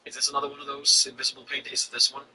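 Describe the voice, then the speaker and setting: A man streaming a block-building game, thinking aloud and reacting with excitement to what he finds. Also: medium pitch, racing, recorded from a distance, slight background noise, poor audio. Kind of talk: live gameplay commentary.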